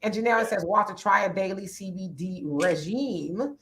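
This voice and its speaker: Raspy-voiced woman hosting a livestream. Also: mid-range voice, normal speed, fairly bright tone. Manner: conversational, reads comments aloud and answers them. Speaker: livestream co-host. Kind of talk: casual livestream chat reading viewer comments.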